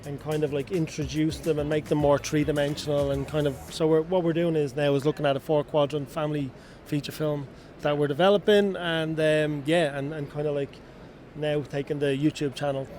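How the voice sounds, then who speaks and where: An Irish man with a fairly high voice rambles chattily, filling his talk with "like" and "kind of". Faint music plays behind him on the trade show floor. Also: level tone, brisk, a little mellow. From Ireland. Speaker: entertainment lead for a toy brand. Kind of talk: casual trade-show interview.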